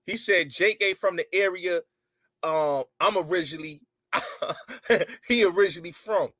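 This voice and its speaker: A man with a fairly high voice hosting a casual online show over a call. He chimes in a lot and repeats his words. The sound is dry and close, with no room. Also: measured pace, bright, forceful tone, no echo. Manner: agreeable, interjects often, repeats himself. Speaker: show host. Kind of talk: casual video-call chat.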